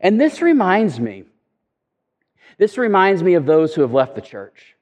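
A man's voice: high voice, huge pitch swings, unhurried, a little mellow. A man preaching a sermon in a conversational way, often repeating words as he goes. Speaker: pastor. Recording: echoey hall reverb.

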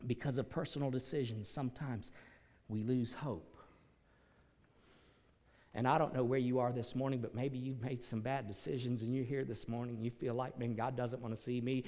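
A man's voice: mid-range voice, moderate pace. Preaching man in a reverberant hall. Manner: dramatic, swings from quiet to shouted peaks. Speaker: pastor. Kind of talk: sermon.

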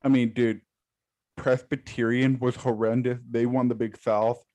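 A man's voice: mid-range voice, level tone, measured pace, mellow, no room sound. A man co-hosting a casual sports podcast, blunt and given to swearing and repeating words. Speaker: podcast co-host.

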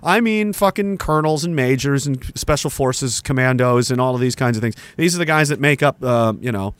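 Beside a woodpile indoors, this Canadian livestream host delivers casual, sarcastic ranting commentary full of swearing, laughing between remarks. His medium-pitched voice is a bit bright, clear and resonant, and a little fast. The recording is dry.

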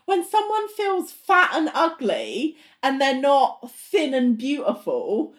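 A woman's voice: high voice, very animated, takes it slowly. A woman in casual podcast chat, talking emphatically, swearing and laughing often. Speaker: podcast co-host.

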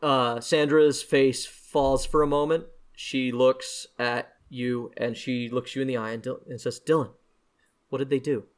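A man's voice: medium pitch, little pitch movement, measured pace, few pauses, smooth. A man narrating as game master of a tabletop game, with frequent hesitations and restarts. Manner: hesitant, lots of fillers and restarts.

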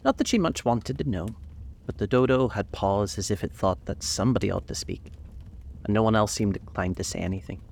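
A man narrating a storybook in a measured, gentle way. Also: fairly low pitch, gravelly.

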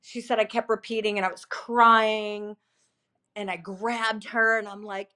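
A woman's voice: medium pitch, flat delivery, bright, forceful tone, clear, resonant tone. Earnest woman recounting a spiritual experience. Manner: halting, repetitive, earnest storytelling with many fillers. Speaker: podcast guest. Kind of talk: emotional personal testimony.

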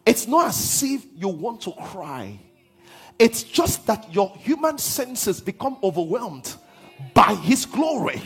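A man preaching a sermon as pastor, swinging from hushed lines to half-sung shouts. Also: high-pitched, sing-song, takes it slowly, breathy edge, faint music behind.

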